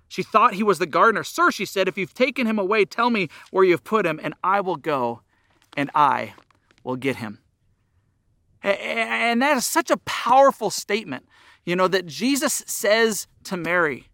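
A man's voice: high voice, sing-song, a little slow, pushed and bright, dry recording, studio quality. A middle-aged man preaching a sermon as pastor, earnest, his voice rising and dropping for emphasis.

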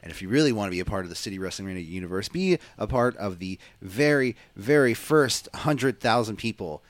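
A man's voice: on the low side, brisk, no echo. A man co-hosting a wrestling podcast, talking in a casual, rambling way with lots of fillers. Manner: animated, rambling, many fillers. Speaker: podcast co-host.

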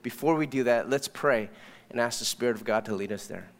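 A man preaching as pastor, telling stories in a casual, animated way. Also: medium pitch, a little fast. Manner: conversational storytelling, animated. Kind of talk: sermon. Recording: long hall reverb.

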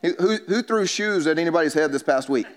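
A man's voice: fairly high pitch, animated, fast. A man, a pastor preaching a sermon in a church and telling stories with self-mocking humor. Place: church sanctuary.

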